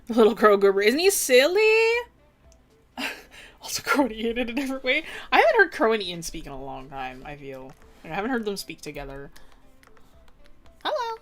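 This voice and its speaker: A woman's voice: mid-range voice, big pitch swings, a little fast, long pauses. A young woman streaming while she draws, chatting casually in a rambling way and laughing often. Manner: giggly, rambling, frequent laughter. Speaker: streamer and artist. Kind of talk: casual chat while drawing. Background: faint background music.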